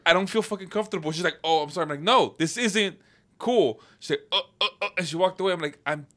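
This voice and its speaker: A man with a bright, forceful voice that sits a little high, chatting casually with friends. He tells stories full of swearing and acts out every line of dialogue himself. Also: fast talker. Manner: profane, animated storyteller who acts out dialogue. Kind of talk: casual chat.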